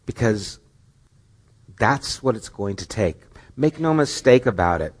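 A man's voice: lowish voice, animated, unhurried. A middle-aged man preaching a sermon as pastor, earnest and questioning, with rising emphatic stretches.

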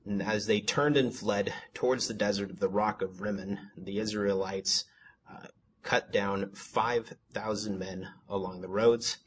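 A man's voice: fairly low pitch, steady tone, a little slow, slight background noise. A man reading Bible passages aloud and commenting on them, correcting himself and stammering with fillers as he talks. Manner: reads plainly, self-corrects, stammers with fillers. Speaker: Bible teacher.

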